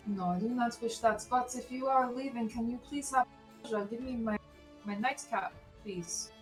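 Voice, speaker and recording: Woman doing a calm old fortune teller. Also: fairly high pitch, faint music behind, close to an everyday voice. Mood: firm. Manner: formal, measured, no contractions.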